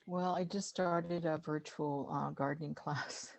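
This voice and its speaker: A middle-aged woman speaks in a very low, gravelly voice, pausing often with fillers and restarting her thoughts. Her talk is casual and conversational, like a guest on a video call. The sound is dry and close, with no room around it. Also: fairly even intonation, no room sound. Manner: halting, many fillers and restarts. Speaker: guest speaker, master gardener.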